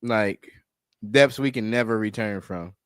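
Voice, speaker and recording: A man co-hosting a podcast, talking in a slangy, animated, casual way. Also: fairly low pitch, unhurried, smooth, no echo, clean studio sound. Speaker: podcast co-host. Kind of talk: casual chat.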